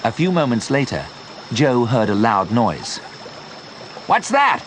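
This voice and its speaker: Slow, lively British storyteller man. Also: medium pitch, slight background noise. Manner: clear, deliberate storytelling. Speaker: English teacher reading a story. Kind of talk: slow graded-reader narration.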